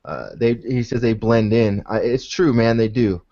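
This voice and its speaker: A man's voice: lowish voice, normal speed, mellow, highs cut off. A man hosting a casual podcast chat over a video call, laid-back and swearing freely, often tagging his sentences with "man". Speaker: podcast host.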